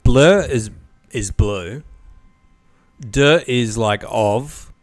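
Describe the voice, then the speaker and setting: A man's voice: medium pitch, extremely slow, no echo. A man hosting a casual podcast quiz game, reading clues and joking as he hints at the answers. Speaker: quiz host.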